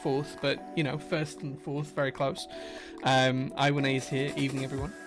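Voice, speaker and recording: With music in the background, a man who builds keyboards runs a relaxed livestream, calling out viewers' names from the chat. He has a mid-range voice, level tone and normal pace, and his friendly, rambling greetings are packed with fillers.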